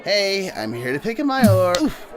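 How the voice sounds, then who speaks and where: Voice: medium pitch, big pitch swings, normal speed, crowd noise, lightly acted. A performer voicing a customer who is drugged and drowsily slurring. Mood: woozy. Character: drugged customer going woozy.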